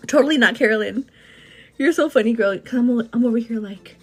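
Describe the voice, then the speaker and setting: Hosting a beauty livestream, a woman in her thirties talks non-stop and a little breathlessly, answering viewer comments and calling everyone "girl." Her voice sits a little high and moves a little fast. The casual chat has an energetic, hyperactive delivery.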